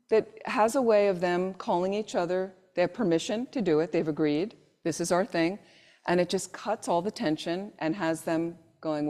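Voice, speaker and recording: A woman's voice: lowish voice, normal speed, darkish tone. A woman giving a Buddhist teaching to a live group, telling stories and acting out the people in them, and asking her listeners questions. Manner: storytelling, acts out the people in her anecdotes; asks the audience questions directly. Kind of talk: dharma talk to a live group. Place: meditation centre hall.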